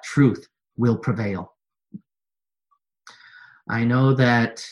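A pastor preaches a sermon to his church, returning to repeated refrains. He builds from quiet, low lines up to loud, high-pitched exhortation.

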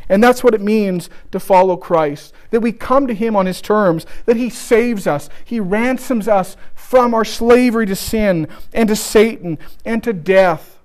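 A man preaching a sermon, telling a story with restarts and slowing down for emphasis. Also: high voice, darkish tone.

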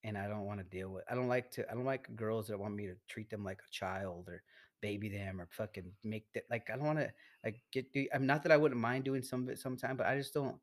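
A man co-hosting a podcast, chatting casually in halting, rambling sentences full of restarts and swearing. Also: on the low side, fairly even intonation. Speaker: podcast co-host.

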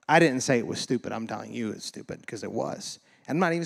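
A pastor preaches a sermon in a fairly high, fast voice with vocal fry and few pauses. He is casual and animated, joking and laughing with the congregation and acting out quoted voices.

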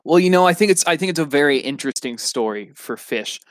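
A man voicing a learned old snailfish who explains things in a measured way with many pauses. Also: a little high, expressive, dry recording, close to an everyday voice. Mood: lecturing. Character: learned old male snailfish, knowledgeable and calm. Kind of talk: comedy podcast role-play.

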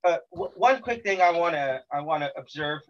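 A man's voice: a little high, lively intonation, moderate pace, highs cut off. A man from the United States hosting an interview, asking long, hesitant, wordy questions. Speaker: interview host. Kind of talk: casual interview.

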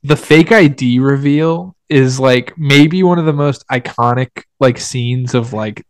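A man's voice: medium pitch, measured pace, no room sound, clean studio sound. Young man in rambling casual chat. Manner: rambling, heavy with "like" fillers. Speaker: podcast co-host. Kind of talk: casual film review chat.

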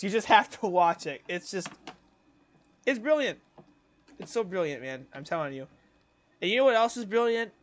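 A young man co-hosting a casual podcast, his voice sitting high for a man. He rambles, restarts his sentences and leans on filler words. The sound is close and dry, with no room around it. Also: no room sound. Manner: rambling, full of "like" and restarts, breaks into quick voice impressions. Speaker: podcast co-host. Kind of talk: casual chat.

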